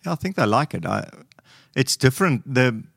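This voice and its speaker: A man's voice: mid-range voice, sing-song, moderate pace, creaky, a bit bright, slightly rough, dry recording, studio quality. A man with a South African accent, a guest chatting casually on a podcast and giving short, shy answers. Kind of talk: casual chat.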